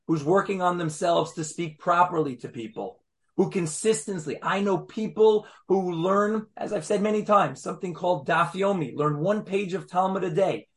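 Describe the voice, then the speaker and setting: A man with a notably high voice teaches a lively Torah class. He speaks emphatically and keeps throwing rhetorical questions at his listeners. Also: moderate pace.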